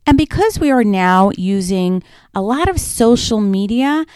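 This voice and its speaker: A woman's voice: medium pitch, animated, measured pace, darkish tone, clear, resonant tone, no room sound, studio quality. A woman giving a conversational lesson on communication, illustrating her points with personal stories. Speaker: instructor. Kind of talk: lecture on communication.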